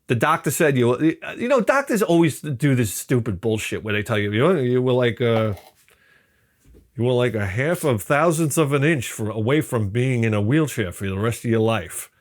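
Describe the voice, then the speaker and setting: Middle-aged guy, rambling profane storyteller, mid-pitched, swings into funny quote voices. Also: moderate pace. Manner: profane, animated, acts out quotes in other voices. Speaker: channel host.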